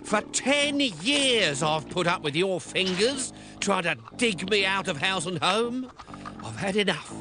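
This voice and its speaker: A man voicing a grumpy talking male bogey creature that hisses slowly and sounds aggrieved. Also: sits high, animated. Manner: slow, hissing, aggrieved. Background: music.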